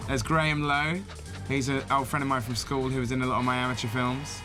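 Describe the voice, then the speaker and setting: A man's voice: medium pitch, level tone, brisk. A man in casual film-commentary chat, rambling with many fillers. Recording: faint music behind.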